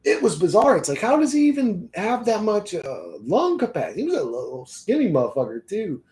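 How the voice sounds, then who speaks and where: A man's voice: high-pitched, wildly swooping pitch, fairly quick, darkish tone. A man in his thirties rambling casually, tired and swearing freely, with frequent laughs. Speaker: vlogger. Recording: echoey room.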